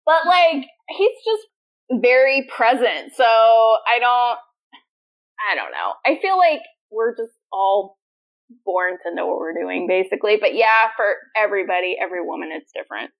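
A woman's voice: medium pitch, big pitch swings, normal speed, vocal fry, dull audio. A woman co-hosting a podcast, chatting casually and animatedly retelling scenes with laughter. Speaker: podcast co-host. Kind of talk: casual chat.

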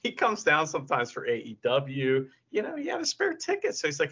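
A man's voice: fairly high pitch, huge pitch swings, a little fast, fairly bright tone, husky. A man co-hosting a podcast, telling stories in casual chat, laughing often and swearing freely. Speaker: podcast co-host. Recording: lo-fi podcast audio.

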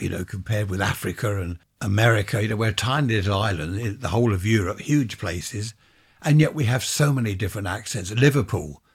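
Older English man, host, low and husky, meandering chat with chuckles. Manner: chatty, wandering, with chuckling asides. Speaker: podcast host. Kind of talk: rambling casual monologue.

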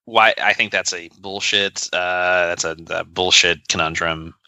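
A man's voice: low-pitched, fairly even intonation, a little slow, sharp tone, clear, resonant tone, no echo. A man co-hosting a podcast, talking in a casual, joking and sarcastic way, rambling with many fillers. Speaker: podcast co-host. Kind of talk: casual chat. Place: podcast recording session.

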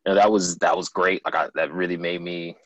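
A man's voice: deep voice, fairly even intonation, fairly quick, a bit bright, no echo, rough recording. A man, a guest actor, chatting casually and telling stories with lots of fillers. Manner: laid-back storyteller, lots of fillers. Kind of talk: casual chat.

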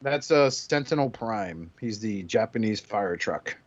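A man's voice: on the low side, lively intonation, unhurried, no echo, lo-fi sound. A man hosting a casual podcast, retelling movie scenes in a crude joking way. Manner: crude joking retelling with put-on character voices. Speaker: podcast host.

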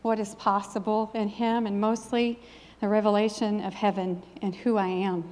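A middle-aged woman gives a sermon and shares her own testimony. She speaks with an earnest, emphatic preaching rhythm at a medium pitch. Her voice carries long reverb, as in a church hall. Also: level tone, normal speed, darkish tone.

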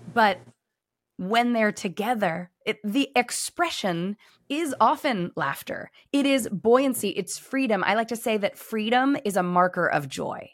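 Animated woman hosting a podcast. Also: medium pitch, dry recording, studio quality. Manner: animated, storytelling with voiced quotes. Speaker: podcast host; former pastor. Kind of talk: casual conversation.

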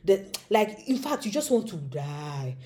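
A young woman from Africa performs a comedic monologue, animatedly slipping into small character voices as a comedic storyteller. Her voice is lowish and her pace measured.

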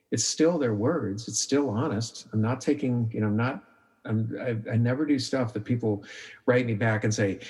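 A man's voice: mid-range voice, moderate pace. A middle-aged man, a documentary filmmaker, talking casually in a podcast interview, telling stories and acting out his own thoughts, with many restarts. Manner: animated storyteller, acts out his own inner voice; frequent restarts and filler "like".

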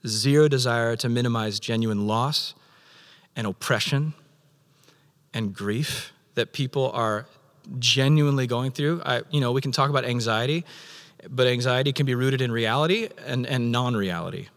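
A man preaching a sermon as pastor, animated, acting out God's voice in quoted lines. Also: mid-range voice, moderate pace, big-room sound.

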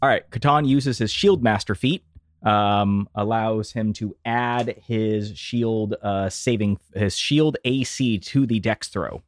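A man playing a tabletop game, quick to argue the rules and tally his rolls aloud. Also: on the low side, no echo, clean studio sound. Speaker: player.

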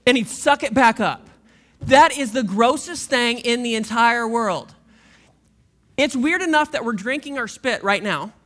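A pastor preaching a sermon in a casual, animated way, full of slang and playful asides. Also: medium pitch, a little slow. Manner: animated, conversational storytelling with slang; shifts into a quiet, reflective tone late on.

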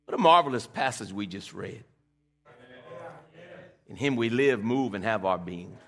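A man's voice: fairly low pitch, measured pace, a bit bright. A man preaching a sermon, calling on the congregation to repeat lines and restarting his phrases as he builds a point. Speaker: pastor.

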